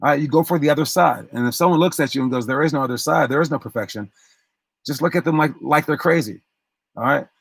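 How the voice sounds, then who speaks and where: A man's voice: on the high side, quick pace, gravelly, a bit bright, husky, no echo. A man working as a basketball coach, giving a motivational talk to his players and retelling a story with acted-out quotes and frequent restarts.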